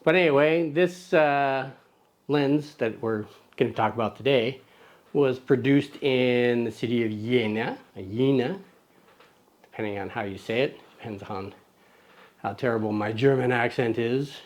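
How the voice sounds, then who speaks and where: A man's voice: mid-range voice, normal speed. Playful man hosting a camera show. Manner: playful, jokey, talks to his toddler co-host. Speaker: camera review host. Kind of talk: casual chatty lens review.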